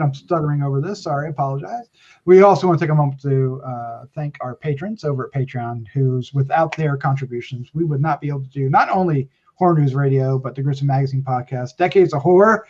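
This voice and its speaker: A man's voice: mid-range voice, fast talker, a little mellow, dull audio. A man hosting a review podcast in casual chat, upbeat and teasing, thanking listeners and leading the others through their turns. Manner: upbeat, teasing, self-correcting. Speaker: podcast host.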